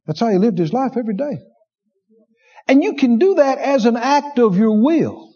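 A man preaching a sermon, animated, acting out inner voices and laughing as he preaches. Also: extremely high pitch, moderate pace, breathy edge, muffled recording.

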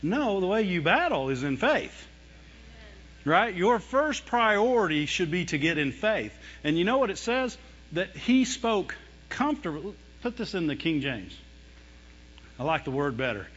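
Animated man preaching a sermon, lo-fi sound. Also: high-pitched, a little slow, husky, big-room sound. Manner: animated, mimics whining and fearful voices, laughs often. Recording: dull lo-fi sound.

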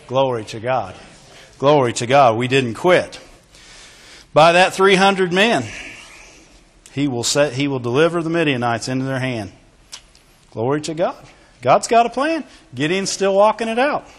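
A man preaching a sermon to a congregation, emphatic and animated, calling out exclamations and asking for answers from the room. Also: medium pitch. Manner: emphatic, with call-and-response exclamations. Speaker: pastor. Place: church sanctuary with a congregation. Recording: long hall reverb.

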